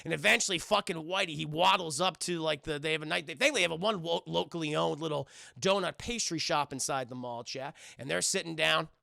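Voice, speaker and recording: A man's voice: a little high, a little fast, creaky, few pauses, sharp tone, no echo, studio quality. A man casually reviewing a film on a livestream, rambling, swearing and often addressing his chat.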